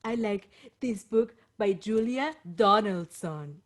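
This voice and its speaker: Cheeky bookworm puppet boy, low and goofy, woman performer doing the voice. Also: animated, slow. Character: cheeky orange male puppet who loves books.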